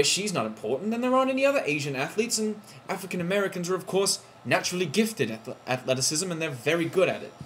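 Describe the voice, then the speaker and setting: A man ranting to the camera in a video blog, heated and outraged, with sudden loud jumps in pitch. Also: a little hiss or hum. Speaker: vlogger. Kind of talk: indignant vlog rant.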